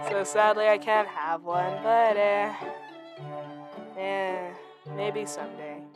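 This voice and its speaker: A woman streaming a story game, chatting casually, excitable and giggly, teasing herself. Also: medium pitch, extremely slow, long pauses, music in the background. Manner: excitable, giggly, self-mocking. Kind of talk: casual game let's-play commentary.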